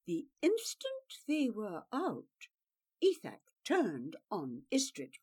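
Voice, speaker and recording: Woman, storybook narrator, slow measured pace, expressive, lively pitch, fairly high voice. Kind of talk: storybook reading.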